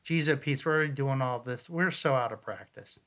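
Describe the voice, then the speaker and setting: A man's voice: medium pitch, a little fast, fairly bright tone. A man co-hosting a casual podcast, playfully bantering while reviewing ghost-hunt recordings. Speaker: podcast co-host.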